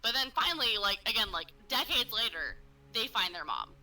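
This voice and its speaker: A woman co-hosts a casual true-crime podcast, telling a story packed with fillers and swearing while acting out what people said. Her voice is a little high, sharp, very animated, and fairly quick, and the audio quality is poor.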